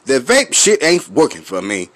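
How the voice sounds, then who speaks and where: A man with a Memphis accent ranting to his viewers, full of cursing, laughing and clearing his throat as he smokes. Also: medium pitch, wildly swooping pitch, moderate pace, no echo. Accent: Memphis Southern US. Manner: loud, profane, laughing between lines; smoking, clears throat often. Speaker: vlogger. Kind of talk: profane rant to camera.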